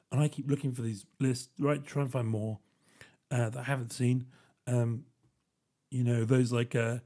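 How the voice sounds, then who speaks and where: A man's voice: medium pitch, mellow, husky. A man hosting a solo podcast, talking in a casual, joking, rambling way and often checking in with "right?". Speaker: podcast host.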